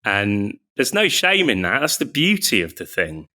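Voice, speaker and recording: A man's voice: lowish voice, huge pitch swings, normal speed, sharp tone. A man, a guest artist in a casual podcast chat, reflective and self-mocking, laughing easily.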